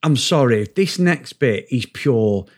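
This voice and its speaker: Lively, sweary man. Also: mid-range voice, slow. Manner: animated, swears a lot, laughs while telling stories. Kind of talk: casual chat reviewing a comedy series.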